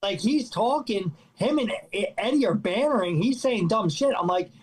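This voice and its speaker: A man's voice: sits high, animated, normal speed, slightly rough, poor audio. A man, a fighter guest on a podcast, talking bluntly and swearing freely. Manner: blunt, profane and brash. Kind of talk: casual chat.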